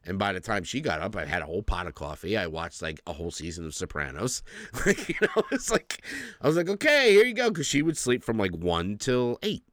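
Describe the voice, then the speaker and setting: A man in his forties, co-hosting a casual podcast chat, telling animated stories with lots of laughs and casual swearing. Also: low-pitched, fairly quick, no room sound, studio quality. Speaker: podcast co-host.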